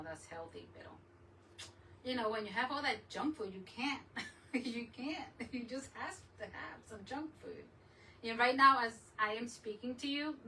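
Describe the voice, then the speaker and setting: A woman's voice: fairly high pitch, sharp tone, distant mic, slight background noise, rough recording. A woman hosting a crafting channel, chatting casually and rambling as she works, often laughing. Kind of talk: casual live chat while crafting.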